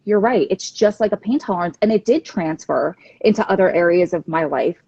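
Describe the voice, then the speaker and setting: A woman's voice: fairly low pitch, lively intonation, brisk, warm tone, slightly rough, dry recording, dull audio. A woman in her thirties, a support group founder, candidly telling her personal story in a livestream interview.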